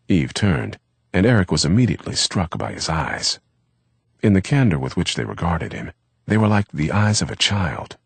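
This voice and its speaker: Male audiobook narrator, very low voice, husky, dry close recording, measured steady reading. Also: no echo.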